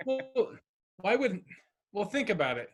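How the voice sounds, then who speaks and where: A man co-hosting a podcast in casual chat, chiming in on a story with halting restarts. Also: sits high, sing-song. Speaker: podcast co-host.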